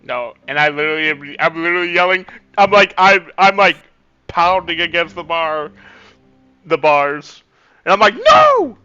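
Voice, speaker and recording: Excitable male player, crisp bright voice. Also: a little high, normal speed, highs cut off, faint music behind. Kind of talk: tabletop game play.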